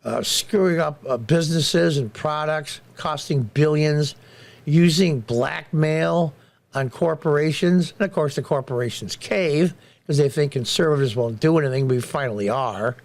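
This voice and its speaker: A man's voice: fairly high pitch, vocal fry, a little mellow. A middle-aged man hosting a commentary show, delivering a blunt, indignant political monologue and repeating phrases for emphasis.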